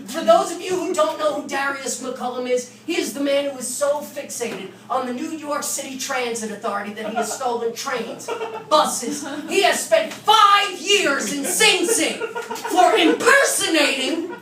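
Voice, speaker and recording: A man performing a loud, brash stand-up comedy set in an apartment living room, often shouting. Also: very high voice, animated, unhurried, a crowd in the background. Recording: roomy echo, distant mic, loud audience laughter.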